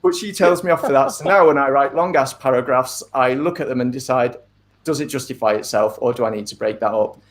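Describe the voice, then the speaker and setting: A middle-aged man talks through his craft in a casual interview. His delivery is thoughtful and measured, sprinkled with ums and side remarks. His voice sits at an everyday middle pitch. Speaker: author being interviewed.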